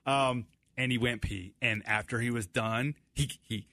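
A man in his thirties, co-hosting a casual chat, animated and laughing often. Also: medium pitch, moderate pace, hardly any pauses, no room sound, studio quality. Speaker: co-host.

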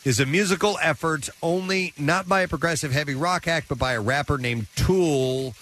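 A man's voice: fairly high pitch, moderate pace, a bit bright, slight background noise. A man presenting music news on a morning radio show, reading items with stumbles and banter with co-hosts.

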